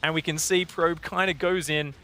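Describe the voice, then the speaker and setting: A bright, clear-voiced man with an Australian accent explains replays as a desk analyst. His voice sits a little high for a man, and he talks in steady, explanatory turns. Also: moderate pace, soft background music. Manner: explanatory, walks through replay. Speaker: esports analyst.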